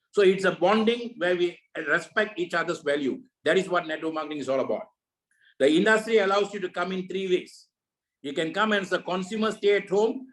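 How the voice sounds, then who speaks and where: A man's voice: high-pitched, a bit bright, rough recording. A man leading a network marketing meeting over a video call, giving a preachy motivational talk full of repeated rhetorical questions.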